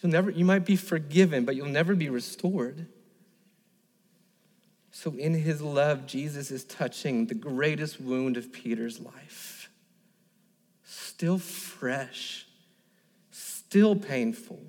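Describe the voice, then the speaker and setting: A man's voice: on the high side, slow pace, darkish tone. A man in his thirties, a pastor preaching an earnest sermon, telling a personal story and building to emphatic repeated lines. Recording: long reverb of a large hall.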